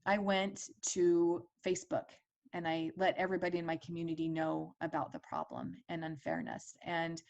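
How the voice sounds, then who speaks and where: A woman's voice: deep voice, animated, normal speed, gravelly, a little mellow, dull audio. A woman in her forties telling a personal story as a parent advocate, earnest and conversational with fillers and restarts.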